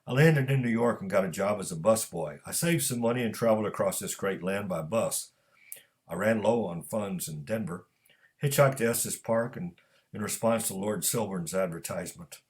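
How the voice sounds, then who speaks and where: A man voicing a calm Nigerian cook who speaks in a clipped, precise way. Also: on the low side, normal speed, lightly acted. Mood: recounting.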